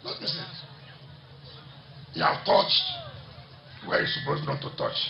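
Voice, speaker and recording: A man gives a defiant political rally speech and repeats lines for emphasis. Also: slow. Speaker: politician addressing a party rally. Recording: dull echoey public-address sound, faint noise.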